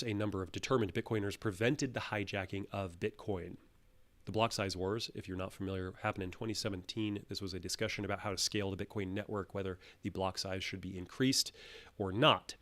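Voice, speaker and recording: A man hosting his own channel, giving solo commentary in an animated, emphatic way, full of restarts. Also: fairly low pitch, brisk. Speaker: channel host.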